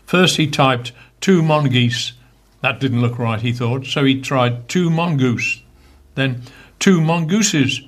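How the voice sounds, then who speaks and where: A man co-presenting a radio show, briskly rattling off jokes and correcting his own slips. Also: medium pitch. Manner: brisk, rushes through jokes, corrects himself. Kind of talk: casual joke-telling.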